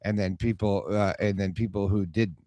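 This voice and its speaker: A man co-hosts a casual sports talk show in a chatty, playful way full of slang. His voice is mid-pitched and dry, close to the mic. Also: fairly even intonation, normal speed, dark tone, no room sound. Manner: chatty, playful, calls people bro. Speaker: executive producer and co-host.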